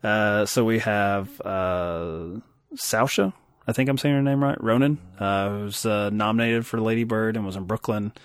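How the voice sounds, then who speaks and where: Low-voiced man rambling about movies. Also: fairly even intonation, unhurried, clean tone, no echo, clean studio sound. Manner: rambling, self-deprecating, laughs often. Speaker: podcast co-host. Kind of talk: casual film chat.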